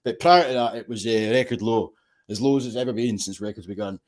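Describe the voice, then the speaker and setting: A Scottish man hosting a casual livestream chat, sweary and animated, often laughing as he talks. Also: fairly low pitch, fast. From Scotland. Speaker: livestream host.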